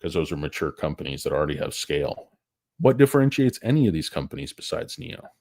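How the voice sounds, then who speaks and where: A man's voice: very deep voice, very animated, quick pace, a little mellow, no echo, studio quality. A tired man hosting a stock market show, rambling through casual, profane, joking commentary that wanders off topic.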